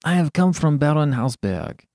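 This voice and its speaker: A man reading aloud who voices a courteous old gentleman with a slight French accent. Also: a little high, expressive, moderate pace, no echo, clean studio sound, voice pushed up. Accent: put-on French. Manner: courteous, formal.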